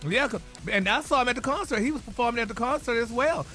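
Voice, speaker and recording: A man's voice: very high-pitched, fast talker, bright, forceful tone, faint music behind. A man co-hosting a morning radio show, sharing celebrity gossip in a flamboyant way and calling everyone honey. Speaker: entertainment news co-host.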